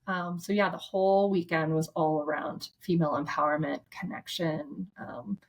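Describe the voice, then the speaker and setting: Woman therapist, guest; low-ish voice, heartfelt chatty storytelling full of restarts. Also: normal speed, vocal fry. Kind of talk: casual storytelling.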